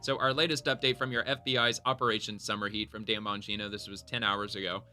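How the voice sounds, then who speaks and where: Man, YouTube commentator, casual rant, swears freely, very bright forceful voice, faint music under it. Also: fairly low pitch, fast talker. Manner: profane, rambling, animated reactions. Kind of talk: casual commentary reading posts aloud.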